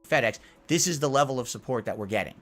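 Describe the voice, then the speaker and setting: A man's voice: medium pitch, fast, fairly bright tone, faint music behind. A man telling a story on a commentary podcast, acting out both sides of his phone calls.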